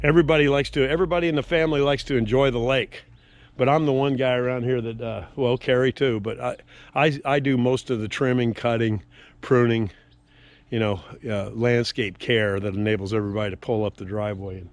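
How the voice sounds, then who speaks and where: A man's voice: mid-range voice, steady tone, brisk, no echo. An older man filming himself outdoors with a handheld action camera, rambling in a folksy, grumbling way as he tours his lakeside yard. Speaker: homeowner giving a yard tour. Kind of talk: casual self-filmed vlog.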